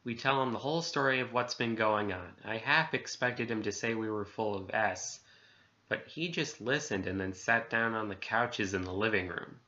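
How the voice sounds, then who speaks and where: A man reads a creepy first-person horror tale in a casual, chatty manner, bleeping his own swears with single letters. His voice sits low but comes across bright and forceful. The recording is dull and lo-fi, like a cheap home mic. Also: normal speed. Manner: conversational, self-censoring swears with letters. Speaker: narrator reading a horror story. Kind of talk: casual story reading.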